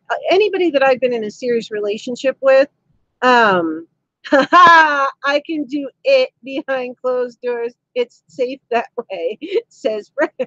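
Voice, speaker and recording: A woman's voice: high-pitched, no echo, dull audio. A woman hosting a live stream from home, chatting cheekily with viewers, laughing often as she reads their comments. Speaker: livestream host. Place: indoors at home. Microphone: camera mic.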